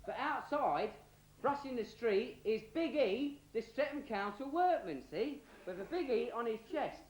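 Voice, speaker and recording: A man with a London Cockney accent and an extremely high, animated voice tells a bawdy comic story without hurrying. He rambles in a cheeky, slangy way, and the recording has a roomy echo and faint hiss.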